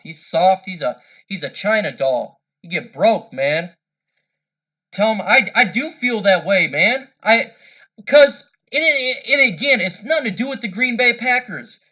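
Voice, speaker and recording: A fan commentator, an adult older than a 13-year-old's parent, rants angrily about sports in a high, sharp-toned voice, looping back over the same points and stumbling on restarts. The audio has its highs cut off.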